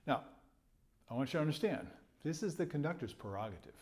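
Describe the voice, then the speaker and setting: A trumpet teacher with a fairly high, darkish voice speaks quickly and animatedly as he patiently explains rhythm and phrasing. He chuckles between points and sometimes sings the rhythms aloud during this music lesson.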